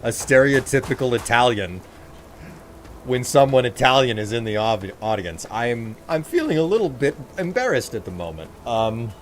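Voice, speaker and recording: A man's voice: medium pitch, big pitch swings, moderate pace, slight background noise. A man streaming a game, giving casual, sarcastic commentary and poking fun at himself. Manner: sarcastic, joking, self-mocking.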